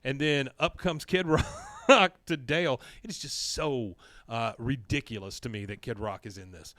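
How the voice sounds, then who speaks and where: A man's voice: mid-range voice, moderate pace, a bit bright, no echo. A man hosting a podcast, casually recapping scenes with frequent filler words. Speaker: podcast host.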